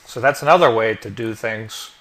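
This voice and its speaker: A man narrating a software tutorial step by step as the instructor, explaining each click as he goes. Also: fairly low pitch, normal speed. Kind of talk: screen-recorded tutorial narration.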